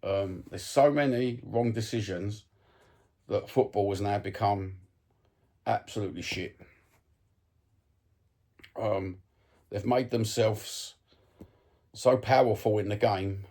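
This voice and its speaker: Speaking to his phone camera, this East London football vlogger delivers a blunt, sweary, casual rant about the game, peppered with ums. He's a Cockney man with a mellow voice of fairly low pitch.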